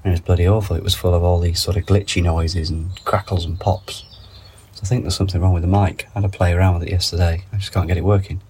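A man's voice: low-pitched, level tone, fast talker, darkish tone, slight background noise. A man hosting a podcast while under the weather with a cold, chatting casually with wry asides in a greenhouse and reading labels aloud. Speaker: podcast host. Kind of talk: casual rambling monologue. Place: garden greenhouse. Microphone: phone.

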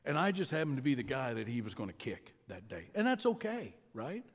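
A man's voice: mid-range voice, huge pitch swings. Man preaching in a reverberant hall. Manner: storytelling, conversational with pauses. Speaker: pastor. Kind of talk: sermon. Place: church sanctuary. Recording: long reverb of a large hall.

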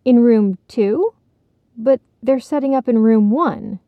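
A woman's voice: a little high, slow pace, no echo, phone-quality sound, pitched above the performer's own voice. A woman doing a young mouse girl, eager and indignant.

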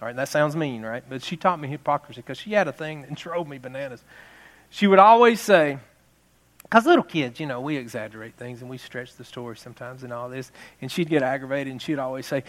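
A man's voice: medium pitch, a little fast, a bit bright. A man in his fifties preaching a jokey Mother's Day sermon, telling family stories and laughing at them. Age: 50s.

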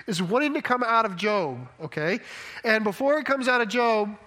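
A man with a notably high voice delivers a sermon in a relaxed, conversational way. He keeps checking in with his listeners as he explains his point. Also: normal speed. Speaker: preacher.

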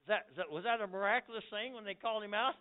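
An older man preaching as a pastor in a church, excitable, with loud bursts and repeated words. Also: high voice, rapid-fire. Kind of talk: lively church sermon. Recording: phone-like lo-fi recording.

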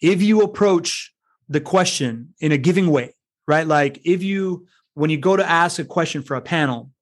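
Chatty man with a fairly high voice. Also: normal speed. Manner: chatty, filler-heavy, keeps asking "right?". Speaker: podcast co-host giving networking advice. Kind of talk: casual chat.

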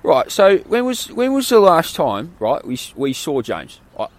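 A man's voice: on the high side, wildly swooping pitch, a little slow, pitched above the performer's own voice. A man putting on a flustered young English backpacker with an English accent, rambling and stumbling over his words. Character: rowdy young English backpacker men, worried.

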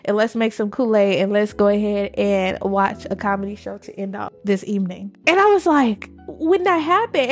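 Woman podcast co-host, slightly high voice, emphatic storyteller, soft music under her. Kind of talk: faith testimony, casual.

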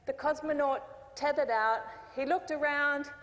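Female preacher, slightly high voice, relaxed storytelling sermon in a church hall with echo. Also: unhurried. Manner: conversational storytelling with jokes and asides. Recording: long reverb of a hall.

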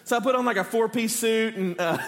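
A man in his thirties from Texas, a pastor preaching with animated, self-deprecating stories. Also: sits high, normal speed. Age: 30s. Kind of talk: sermon with humorous personal story. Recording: echoey church hall.

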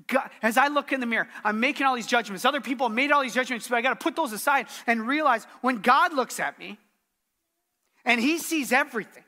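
Bright, high-voiced male pastor preaching. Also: fairly quick. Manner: earnest, emphatic, repeats key phrases. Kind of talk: sermon.

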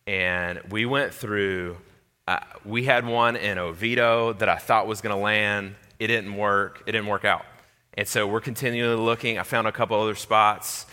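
Animated preacher with a bright voice. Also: male voice, lowish voice. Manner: animated, conversational, lots of "like" fillers. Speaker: pastor. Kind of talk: sermon. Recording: reverberant hall.

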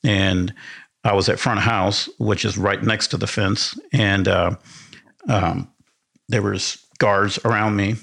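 A man's voice: fairly low pitch, steady tone, takes it slowly, gravelly, fairly bright tone. A man from Argentina, a podcast guest and sound engineer, telling a story in a rambling, enthusiastic way with many restarts. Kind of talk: casual storytelling.

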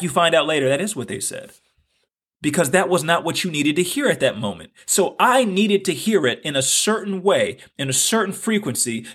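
A man's voice: a little high, a bit bright, breathy edge. A man hosting a podcast, telling a personal story in an earnest, reflective way and repeating phrases for emphasis. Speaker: podcast host.

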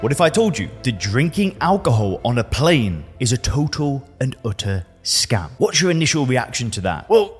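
A man's voice: mid-range voice, big pitch swings, moderate pace, few pauses, big-room sound, soft background music. A man hosting a podcast, speaking in a direct, persuasive way to his listeners. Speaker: podcast host. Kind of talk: talk to camera.

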